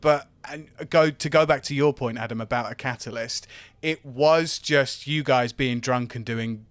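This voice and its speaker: A man's voice: mid-range voice, moderate pace, no room sound. A man, the game master, chatting casually and rambling a bit as he looks back on the game. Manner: rambling, reflective, with filler words. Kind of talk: casual podcast chat.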